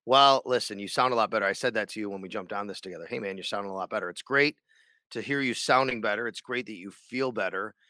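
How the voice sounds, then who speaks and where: Bright-voiced male sports radio host. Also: fairly low pitch, fast talker, dry recording. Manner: rambling, many restarts and fillers. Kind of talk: casual podcast chat.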